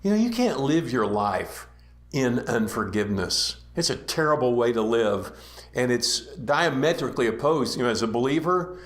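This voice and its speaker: A man preaching an earnest, conversational sermon, slowing down to urge his listeners. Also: medium pitch, a bit bright. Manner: earnest, conversational, slows to exhort. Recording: roomy echo.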